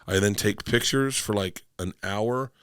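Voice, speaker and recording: Middle-aged comic, loud rambling raconteur, bright forceful voice, swears freely, acts out quotes, dry close sound. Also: male voice, fairly low pitch, measured pace, clean tone, no echo. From Tampa, Florida. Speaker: podcast guest, comedian. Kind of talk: casual storytelling.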